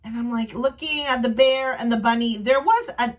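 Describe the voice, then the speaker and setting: Gushing high-voiced woman vlogger. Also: normal speed. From New Jersey. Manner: gushing, excitable, rambling with restarts. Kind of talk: casual storytime recap.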